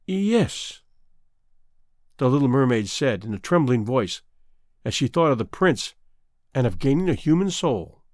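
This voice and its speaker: A man narrating a fairy tale aloud in an expressive, measured storytelling manner. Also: mid-range voice, no echo, clean studio sound. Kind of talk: storybook reading.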